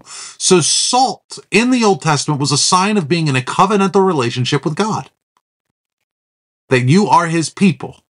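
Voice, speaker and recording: A man's voice: a little high, expressive, moderate pace, a bit bright. A middle-aged man, a pastor, teaching a verse-by-verse sermon, thinking aloud with restarts and reading Scripture passages.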